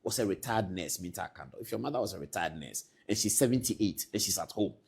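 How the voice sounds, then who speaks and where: A man hosting a political talk show, speaking indignantly, his voice climbing to loud emphatic peaks and then dropping low. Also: expressive, fast talker, vocal fry, breathy edge. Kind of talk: commentary to camera.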